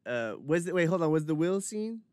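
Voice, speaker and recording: A man's voice: a little high, brisk, clear, resonant tone, no room sound. A young man chatting casually with a friend, easygoing and calling him bro. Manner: relaxed, chatty, says bro and dude. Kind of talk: casual chat.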